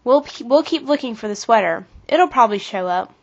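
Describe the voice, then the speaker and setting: A woman voicing a patient mother who answers calmly and reassuringly, on a dull lo-fi recording. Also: a little high, brisk, vocal fry, breathy edge, heavily acted.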